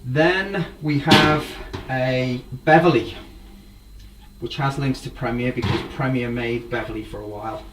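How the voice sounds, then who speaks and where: A drum collector, speaking at a measured pace in a medium-pitched voice, casually shows off his equipment and rambles enthusiastically. The show-and-tell was recorded from a distance, with faint noise in the background.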